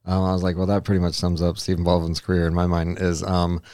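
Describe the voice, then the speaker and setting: Deep-voiced man, rambling podcast chat. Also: monotone, fast, darkish tone, clear, resonant tone, no room sound, studio quality. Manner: rambling storyteller, acts out quotes in a high voice. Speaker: podcast co-host. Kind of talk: casual chat.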